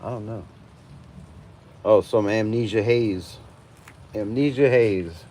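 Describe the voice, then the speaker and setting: Slow and warm, with a fairly low voice and a little hiss or hum on the audio, a man in his forties hosts a live fan stream outside during a night storm. He rants emphatically, swearing heavily and often laughing.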